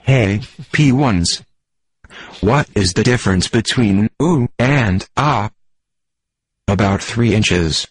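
A stiff, deadpan male sports computer, reading every line in stilted, formal phrasing. The voice is low and synthetic. It sits completely dry and close, with no room around it. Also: slow, pauses often, breathy edge, no echo, heavily acted. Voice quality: synthetic text-to-speech voice. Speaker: comedy bit on sports radio.

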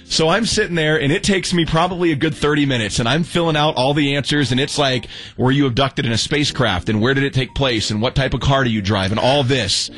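A young adult man telling a story in casual chat, animated and acting out the quotes, with many restarts. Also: mid-range voice, fairly quick, hardly any pauses, soft background music. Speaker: storyteller guest.

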